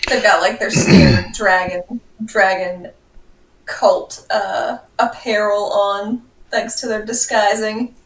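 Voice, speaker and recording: A woman playing a tabletop game, speaking slowly and hesitantly. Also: mid-range voice, steady tone, creaky. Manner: slow, hesitant. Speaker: player. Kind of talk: casual tabletop play. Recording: roomy, distant mic.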